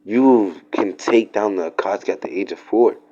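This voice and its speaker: A man's voice: fairly low pitch, normal speed, warm tone, highs cut off, natural voice. A man voicing a flustered old male village leader who stammers in surprise, in a fan-made story.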